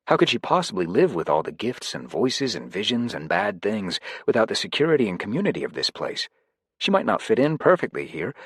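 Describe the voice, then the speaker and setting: A man reading an audiobook in a lowish voice with lively, expressive intonation. The recording is dry and close, with no room around it. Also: breathy edge, no echo. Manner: expressive, varied delivery. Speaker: audiobook narrator. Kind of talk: scripted audiobook narration.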